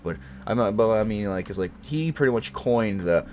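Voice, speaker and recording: A man's voice: fairly low pitch, animated, moderate pace, few pauses, a little mellow, slight background noise. A man in his twenties from Brooklyn, New York, chatting casually as a host, rambling with frequent swearing, laughter and self-corrections. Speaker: channel host. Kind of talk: casual chat.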